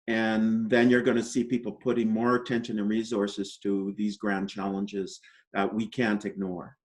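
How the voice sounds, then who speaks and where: A man with a fairly low voice gives interview answers at an even, measured clip. He explains points patiently, often checking in with "right?" and filling gaps with "you know". His tone stays upbeat and forward-looking. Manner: optimistic explainer. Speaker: interview guest.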